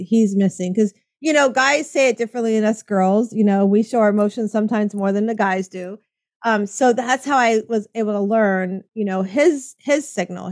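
A woman's voice: medium pitch, no echo. Chatty middle-aged woman, dry close sound. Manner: chatty, rambling, acts out quoted exchanges. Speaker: host. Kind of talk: casual chat.

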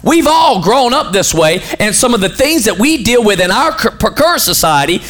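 Animated, high-voiced male preacher. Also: normal speed, faint music behind. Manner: call-and-response preaching, questioning the congregation. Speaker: pastor. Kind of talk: sermon.

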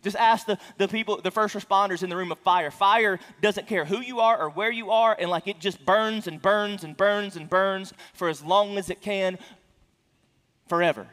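High-voiced earnest male preacher, reverberant hall. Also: normal speed, a bit bright. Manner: earnest, with frequent restarts and stammered repeats; rises in pitch and volume for emphasis. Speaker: pastor. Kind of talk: sermon.

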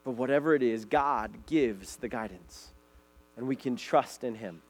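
A man of ordinary pitch preaches as pastor, earnest and steady as he reads scripture aloud. A faint electrical hum sits under the recording. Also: measured pace. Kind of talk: sermon.

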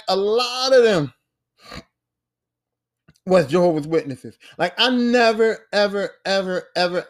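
A man hosting a podcast, telling a casual, profane story and acting out the voices of the people in it. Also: high-pitched. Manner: animated, profane, acts out voices in his stories. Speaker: podcast host.

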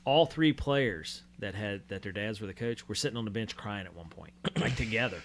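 A man co-hosting a casual sports talk show, telling blunt, animated stories about youth coaching. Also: lowish voice, moderate pace, a little hiss or hum.

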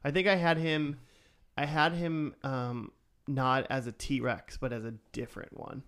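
A man's voice: medium pitch, flat delivery, measured pace, a bit bright, clear, resonant tone. A man hosting a casual podcast chat, rambling and filling his stories with "like". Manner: rambling, full of "like". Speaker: podcast host.

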